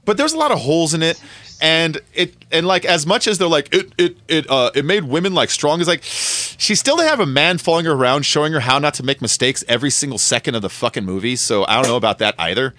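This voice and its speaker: A man's voice: on the high side, lively intonation, fast, bright, forceful tone, no room sound. A man hosting a game stream, chatting casually and joking, rambling and swearing freely. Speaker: streamer and host.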